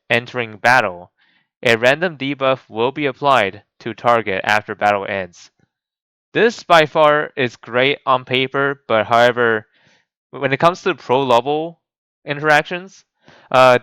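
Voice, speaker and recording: Male gaming host, casual rambling commentary, bright crisp voice, dry close mic. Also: mid-range voice, dry recording, rough recording. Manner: rambling, many restarts and fillers. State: voice cracking.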